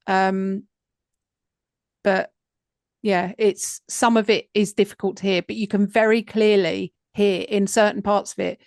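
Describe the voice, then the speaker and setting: Unhurried woman hosting a true crime podcast. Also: medium pitch, darkish tone, no room sound, clean studio sound. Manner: unhurried, conversational, with many fillers. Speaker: podcast host.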